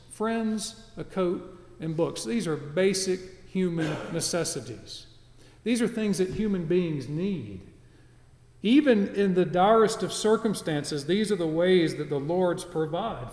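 Male pastor, fairly high voice, earnest and emphatic sermon delivery with repeats, recorded in a reverberant church hall. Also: a little mellow. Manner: earnest, emphatic, with repetitions and restarts. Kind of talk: expository sermon.

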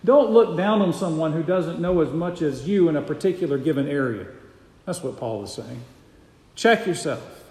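A male pastor delivering a sermon in a resonant church hall, his voice sitting a bit high and swinging widely in pitch. He drives points home by repeating key phrases. The room's long reverb trails after each line. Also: lively intonation, normal speed, darkish tone. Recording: echoey hall.

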